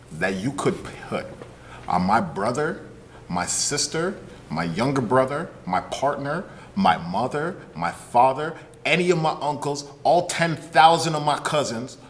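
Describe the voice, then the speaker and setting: Angry, animated male podcast host. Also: fairly high pitch, measured pace, a little hiss or hum. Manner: angry, sarcastic, profane ranting. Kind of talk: heated podcast commentary.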